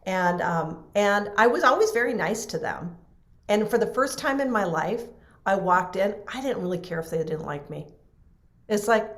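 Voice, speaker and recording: A woman's voice: medium pitch, animated, normal speed. A middle-aged woman, a podcast guest, tells a personal story in earnest, emotional conversation, often restarting her sentences.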